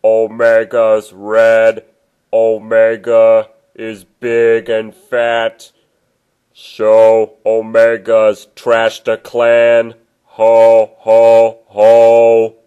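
A man voicing a big red robot Santa who speaks in a halting, flat robotic way. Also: fairly low pitch, clear, resonant tone, muffled recording. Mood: booming, robotic.

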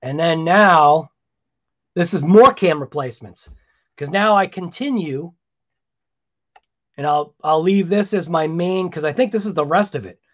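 A man with a fairly high voice talks his way through a video edit in a loose, rambling manner. He drifts into chatty, self-deprecating asides. The sound is a little muffled, like a basic home recording. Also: measured pace, long pauses, fairly bright tone. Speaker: RC hobby channel host. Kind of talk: casual voice-over while editing video.

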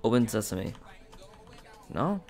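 A man giving casual, excitable gameplay commentary, talking directly to his viewers with frequent outbursts. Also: fairly low pitch, slow, faint music behind. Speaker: gaming channel host.

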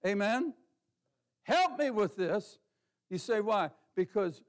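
A man pastor preaching a sermon in a church in a folksy, conversational way, asking the congregation questions and calling on members by name. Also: high-pitched. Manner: colloquial, says ain't. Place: church sanctuary.

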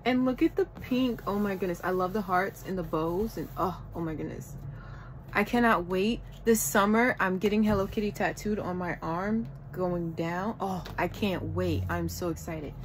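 A woman vlogging a shopping haul from home in casual chat, gushing and excitable over each item. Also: lowish voice, normal speed, a little hiss or hum, low-quality recording. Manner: gushing, excitable, repeats "oh my goodness".

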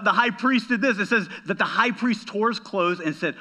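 A man's voice: high voice, animated, moderate pace, pushed and bright. A man preaching a sermon as a pastor, emphatic, often checking in with "right?" and repeating words as he goes.

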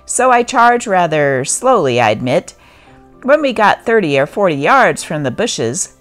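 A woman narrates an old first-person newspaper account in a lower voice that rises and falls with lively swings. She reads it through at a steady pace as scripted narration. Faint music plays underneath. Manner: steady read-aloud of a first-person war memoir.

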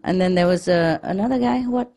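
A woman telling jokes to a group in a relaxed, chatty way, laughing often. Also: lowish voice. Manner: chatty, laughs often, quick back-and-forth. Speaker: lecturer leading a group gathering. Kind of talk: casual joke-telling to a group.

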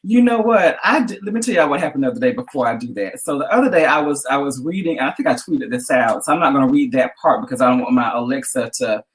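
A woman's voice: very deep voice, animated, fast talker, few pauses, low-quality recording. A woman author chatting animatedly and reading aloud from her own story. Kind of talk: casual chat and reading from her book.

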